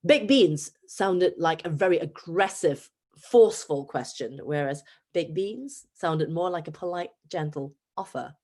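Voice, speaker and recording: An English teacher from Singapore, in her thirties, delivers a conference talk at a measured pace. Her Singaporean accent carries an animated, story-driven style with sudden pitch shifts.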